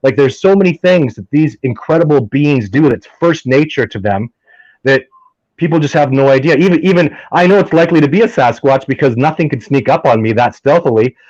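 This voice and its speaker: A Canadian man, a guest in a casual chat, talking excitedly and restarting his words often. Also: medium pitch, brisk, no room sound, highs cut off.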